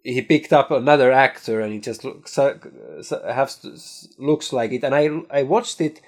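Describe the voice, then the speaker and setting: A man's voice: mid-range voice, moderate pace. Hesitant man in casual film chat. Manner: hesitant, many fillers and restarts. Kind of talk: casual chat about films.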